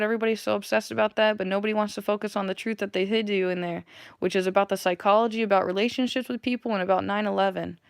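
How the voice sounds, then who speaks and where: A woman's voice: mid-range voice, clear, resonant tone, no room sound. A woman channeling spiritual messages in a rambling, earnest monologue to her viewers, full of wordplay.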